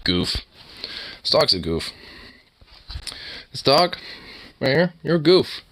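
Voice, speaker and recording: A man's voice: medium pitch, sing-song, slow, pushed and bright. A man chatting casually and playfully to his pets, teasing them in baby-talk. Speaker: pet owner vlogger. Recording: guitar music playing behind.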